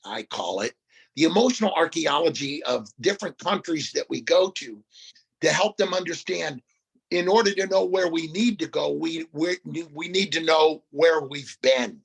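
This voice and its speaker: An older man with a fairly high, gravelly voice speaks as a podcast guest. He tells animated stories and quotes the children he has worked with. His tone is husky and a little rough. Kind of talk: conversational podcast interview.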